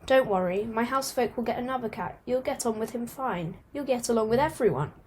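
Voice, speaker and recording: A woman's voice: fairly high pitch, expressive, brisk, a little mellow, slight background noise, natural voice. A restless young tomcat from a storybook, played by a woman, speaking earnestly and a little hastily. His tone is firm and determined, set on a new life. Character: restless young male house cat longing for the wild.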